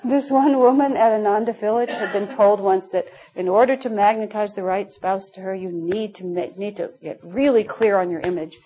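A woman's voice: mid-range voice, steady tone, moderate pace, few pauses, poor audio. A middle-aged woman teaching a spiritual class, telling stories with frequent laughter. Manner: warm storytelling, laughing often. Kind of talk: spiritual class talk with anecdotes.

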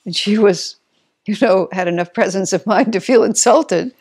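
A woman's voice: mid-range voice, steady tone, moderate pace, a little mellow, breathy edge, dry recording, studio quality. Thoughtful woman giving a spiritual talk. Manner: thoughtful, searching for words, self-correcting.

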